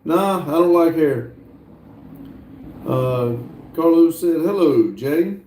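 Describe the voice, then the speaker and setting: A man hosting a livestream, slowly reading viewer messages aloud with lots of hesitant fillers. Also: a little high, animated, warm tone, echoey room, slight background noise. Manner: slow, halting reading with many fillers. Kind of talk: casual livestream chat.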